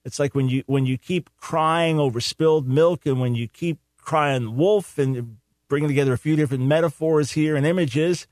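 A man's voice: a little high, normal speed, dry recording, clean studio sound. A man hosting a call-in talk radio show, giving opinionated commentary with emphatic rhetorical questions and repeated phrases for stress.

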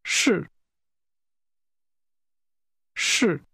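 A man saying short phrases slowly and clearly for learners to repeat. His voice sits at a middle pitch and sounds dry and close. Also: sharp tone, no room sound. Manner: deliberate and clearly enunciated. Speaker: pronunciation model speaker. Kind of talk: slow, careful model pronunciation.

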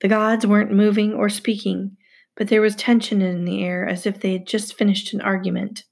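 Woman narrator, husky, some fry, steady first-person storytelling. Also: medium pitch, moderate pace. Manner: steady storytelling, hushed asides. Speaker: audiobook narrator. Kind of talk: first-person novel reading.

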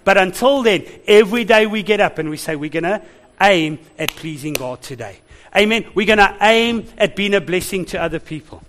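A man preaching a sermon as pastor, animated, laughing and calling out to the congregation. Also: sits high, a little fast, a little hiss or hum.

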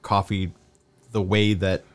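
Man, slightly low voice, rambling coffee-review co-host who laughs a lot. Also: level tone, takes it slowly. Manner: rambling, self-interrupting, laughs often. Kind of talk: casual chat.

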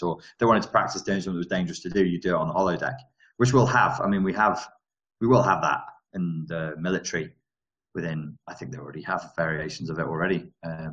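A man with a deep, low-pitched voice talks off the cuff on a live stream, working through viewer comments. He rambles, breaks off his own sentences and drops in wry asides as he goes. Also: fairly bright tone, lo-fi sound.

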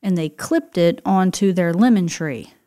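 Woman co-host, slightly low voice, chatty and explanatory, casual talk. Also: expressive, a little slow, warm tone. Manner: explanatory, chatty, many affirming yeses. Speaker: podcast co-host. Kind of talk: casual chat.

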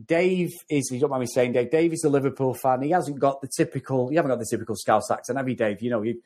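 A Mancunian man chatting on a film podcast, rambling and repeating himself as he warms up. His pitch moves a lot, swinging up and down as he gets worked up. He sits in the middle range for a man. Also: fast. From North West England. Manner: rambling and animated, repeating words as he goes. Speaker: podcast co-host. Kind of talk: casual film review chat.

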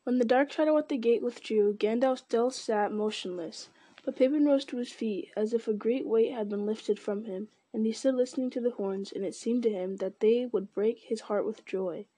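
A woman reading an audiobook in a measured narrating voice, with occasional slips. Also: fairly high pitch, dark tone, breathy edge.

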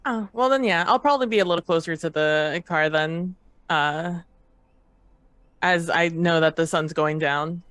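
A woman's voice: on the low side, a little slow, fairly bright tone, clear, resonant tone, dry recording. A woman playing a tabletop role-playing game, talking brashly and swearing casually. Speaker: player. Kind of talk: tabletop role-play chat.

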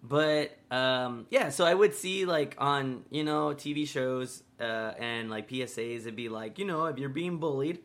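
A man's voice: mid-range voice, a little slow, few pauses, a bit bright. A young man co-hosting a podcast, telling a story in a loose, rambling way, laughing often and swearing casually. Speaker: podcast co-host.

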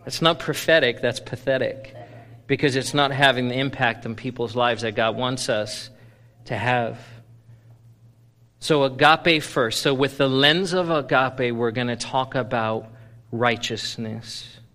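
A male pastor preaching a sermon, animated, swinging from loud playful bursts to low, intense stretches. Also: measured pace, big-room sound. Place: church sanctuary.

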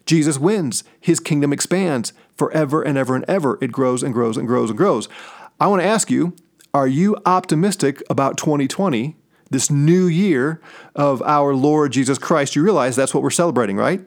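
A middle-aged man from St. Louis giving a Bible teaching on his podcast, stressing key words by slowing down or whispering them. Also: medium pitch. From St. Louis, USA. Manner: emphatic, slows down and drops to a whisper on key words. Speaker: podcast host.

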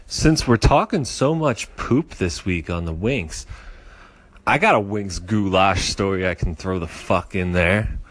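A man's voice: low voice, unhurried, a bit bright, dry recording. A man co-hosting a podcast, wisecracking and swearing in casual chat. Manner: profane, wisecracking, interjects often. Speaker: podcast co-host.

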